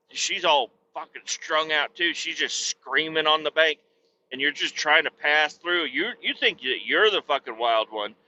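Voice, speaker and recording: Sharp-voiced, profane rambling man. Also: fairly high pitch, lo-fi sound, a little hiss or hum. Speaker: podcast host. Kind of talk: rambling comedic storytelling.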